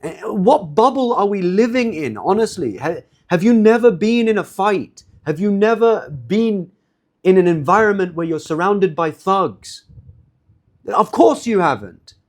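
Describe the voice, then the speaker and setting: A man delivers a religious lecture with passion and biting sarcasm. His voice sits fairly high. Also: expressive, measured pace. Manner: impassioned and sarcastic.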